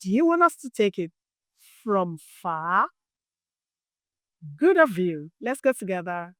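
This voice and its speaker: A woman teaching young children the Arabic alphabet, drawing out each letter sound and praising them often in a gentle, encouraging way. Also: medium pitch, very animated, takes it slowly, long pauses, no room sound, studio quality.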